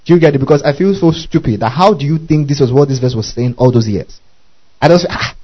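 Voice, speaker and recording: Man preaching, emphatic, quizzes the congregation, fairly high voice. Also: fast, lo-fi sound. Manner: emphatic, questions the congregation often, spells Greek words, laughs. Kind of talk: sermon.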